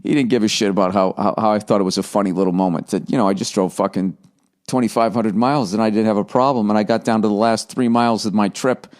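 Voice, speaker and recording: A man in his forties rambles through road stories as a podcast host. He swears constantly and talks in a casual, loose monologue. His voice sits on the low side. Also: fairly even intonation, fast talker, a little mellow. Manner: profane, rambling storyteller.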